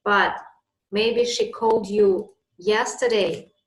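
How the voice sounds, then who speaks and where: A woman's voice: medium pitch, fairly even intonation, slow, reverberant, low-quality recording. A woman teaching an English lesson, patiently explaining with examples.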